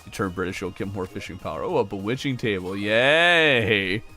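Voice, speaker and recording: Soft music plays under a man's fairly low, bright, forceful voice, which has lively intonation and a normal pace. He's livestreaming a video game, chatting with viewers, reacting to events, answering chat aloud, and laughing often.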